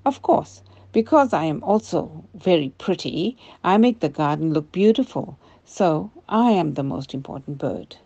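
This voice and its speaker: Older woman as a vain honey eater bird; mellow storybook read. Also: low-pitched, lively intonation, a little slow, hardly any pauses, breathy edge, dull audio, heavily acted.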